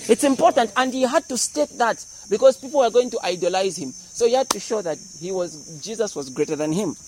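Pastor, high male voice, lively teaching sermon with jokes, faint background hum. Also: a little fast. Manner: animated, explains verses with humor and acted-out voices.

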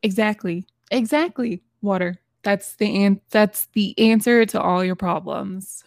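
A woman's voice: mid-range voice, a little slow, a little mellow, no room sound, studio quality. A young woman co-hosting a casual podcast, playful and teasing, with a sarcastic sense of humor. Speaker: podcast co-host. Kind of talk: casual chat.

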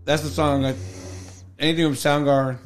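A man co-hosting a casual podcast, joking around with slow, drawn-out phrases. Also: a little high, little pitch movement. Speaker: podcast co-host. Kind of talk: casual chat.

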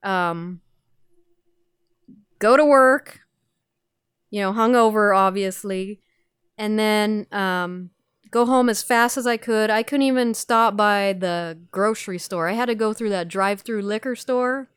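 A woman's voice: mid-range voice, a little slow, smooth, no room sound, studio quality. A woman guesting on a podcast, telling her own story in a chatty, self-mocking way with lots of fillers. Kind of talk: candid recovery podcast talk.

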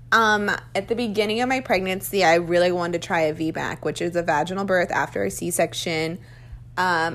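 A young woman casually telling her own birth story, chatty and candid with plenty of "um" and "like". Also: mid-range voice. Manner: chatty and candid, many fillers like "um" and "like". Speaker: mother sharing a birth story.

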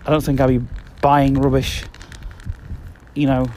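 A man's voice: medium pitch, monotone, unhurried, a little mellow, slight background noise. A man, rambling casually and repeating himself as he talks on a walk outdoors. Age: 30s. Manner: chatty, meandering, repeats himself. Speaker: podcast host. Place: outdoors walking around the block.

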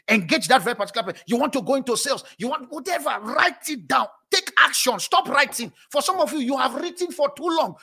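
A man preaching a sermon as pastor, animated and often breaking into laughter between phrases. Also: extremely high pitch, gravelly, slightly rough. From moved to South Africa as an adult.

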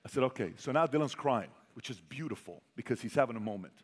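Animated man storyteller in a reverberant hall. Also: medium pitch, fast, slightly rough. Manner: animated, quizzes the audience, swings from loud to hushed. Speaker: motivational speaker. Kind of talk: storytelling talk to a live audience. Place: large hall with an audience.

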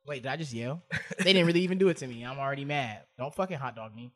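A man co-hosting a casual podcast, joking and ranting in big swings from loud outbursts to low mutters. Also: rapid-fire. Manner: animated, jokey rants that swing from loud to muttered. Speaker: podcast co-host.

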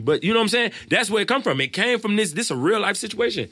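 A man, a rapper, telling his own stories in a loose, profane, animated way, often quoting what others said. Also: high voice, fast talker, slightly rough, dry recording. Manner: animated, profane storytelling with quoted voices. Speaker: rapper and guest. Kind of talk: casual storytelling chat.

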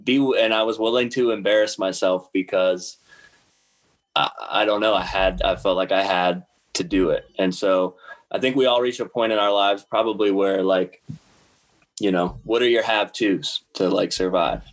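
A man guesting on a casual podcast, answering in a reflective, halting way. His voice sits on the low side. He pauses often to search for his words. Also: fairly even intonation, low-quality recording. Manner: thoughtful, hesitant, reflective. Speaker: guest, filmmaker and musician. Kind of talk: casual interview chat.

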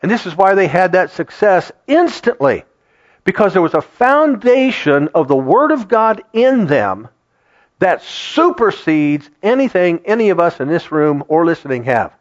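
A middle-aged man preaching a sermon to his congregation in an animated, conversational way. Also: high-pitched, unhurried. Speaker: pastor. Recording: dull lo-fi sound.

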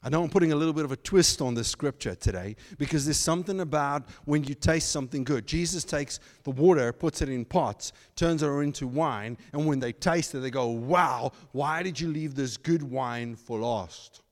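A man preaching a sermon as pastor, animated, slipping into mocking asides in put-on voices. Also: fairly high pitch, brisk, few pauses, big-room sound. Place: church.

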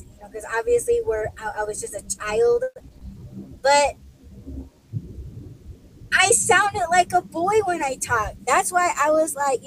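A woman's voice: very high-pitched, vocal fry, low-quality recording. A young woman, a podcast host, telling casual stories while driving deliveries, chatty and laughing often with lots of fillers. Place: in a car. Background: faint vehicle noise.

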